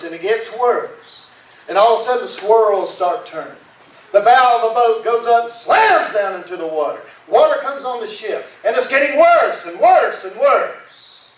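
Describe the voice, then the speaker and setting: Preacher telling a lively story. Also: male voice, extremely high pitch. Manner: folksy storytelling, dramatic. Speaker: pastor. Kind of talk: sermon. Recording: echoey room from far off.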